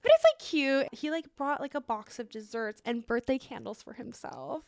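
A young woman co-hosting a casual podcast, her voice sitting a little high. She tells animated stories full of fillers and quoted back-and-forth, recorded close and dry with no room sound. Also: moderate pace, no echo. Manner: animated storytelling, many fillers and quoted dialogue. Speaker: podcast co-host. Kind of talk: casual chat.

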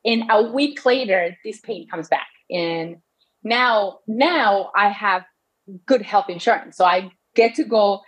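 A woman's voice: mid-range voice, slow pace, rough recording. A woman in her thirties telling her own medical story in casual talk, often restarting and quoting doctors in her own voice. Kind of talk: personal storytelling.

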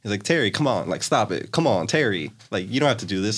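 A man's voice: lowish voice, big pitch swings, fast talker. A young man casually retelling a story in a loose, rambling way, full of filler words. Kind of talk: casual chat.

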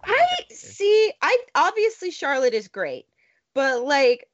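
A woman's voice: high voice, very animated, slow pace, dull audio. A woman co-hosting a wrestling podcast with wry, teasing remarks. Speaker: podcast co-host. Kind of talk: casual chat.

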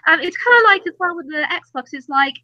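High, lively woman guest, hesitant, a little dull and lo-fi. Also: fairly quick, dry recording. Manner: hesitant, rambling. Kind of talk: casual live-stream chat.

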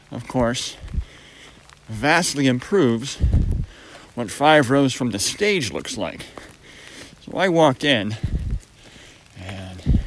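Slow, chatty man with wry asides. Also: medium pitch, background noise. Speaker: podcast host. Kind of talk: casual solo podcast.

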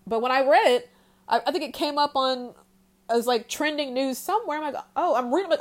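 A woman hosting a solo podcast, talking heatedly and in exasperation about the news. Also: high voice. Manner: heated, exasperated, talks straight without pausing. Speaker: podcast host. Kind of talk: solo commentary rant.

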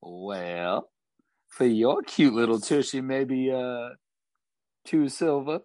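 A man's voice: mid-range voice, slow pace, darkish tone, dry recording, lightly acted. A man voicing a flirty, tipsy female tavern barmaid with a folksy drawl. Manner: folksy drawl, sweet-talking.

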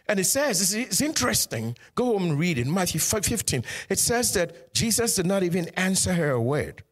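A man with a fairly high voice preaches a lively sermon. He slips into short acted-out dialogue and then climbs to loud, emphatic urging of his listeners. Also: normal speed, few pauses. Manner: rises to loud emphatic exhortation. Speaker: pastor.

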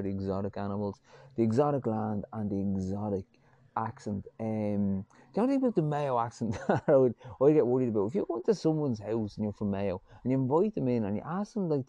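Irish male podcast host, gravelly and dark-toned, upbeat rambling delivery, a bit dull and lo-fi. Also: on the low side, no echo. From Ireland. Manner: rambling, upbeat, joking, swears casually. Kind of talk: casual solo podcast chat.

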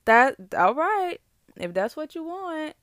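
A young woman, ranting about relationships in a sassy, emphatic, animated way. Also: high-pitched, slow, dry recording, studio quality. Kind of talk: casual relationship rant to camera.

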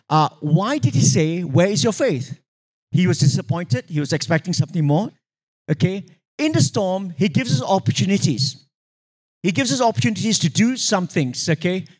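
Man, preacher, high voice, animated sermon storytelling, calls for congregation responses. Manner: animated storytelling, acting out quoted voices, sudden pitch jumps.

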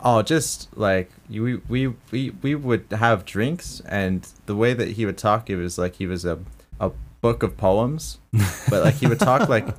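A man's voice: on the low side, unhurried. A man hosting a casual podcast chat, rambling with many restarts and frequent laughs. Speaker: podcast host.

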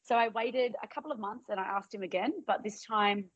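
Woman, podcast guest, slightly husky voice, dry close mic, animated storyteller. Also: mid-range voice, a little fast, dry recording, lo-fi sound. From Australia. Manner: chatty storyteller, laughs often, acts out her own past lines. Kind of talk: casual podcast chat.

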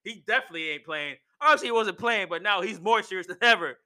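A young man excitedly recapping wrestling in a casual, slangy, animated way. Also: sits high, quick pace.

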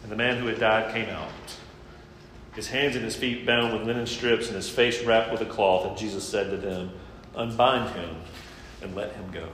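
Guy preaching a sermon in a church, earnest, gets loud then goes quiet, big echoey room. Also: fairly low pitch, steady tone, normal speed. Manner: earnest, emphatic, dropping to quiet intensity. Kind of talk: sermon with scripture reading. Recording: echoey hall, faint background noise.

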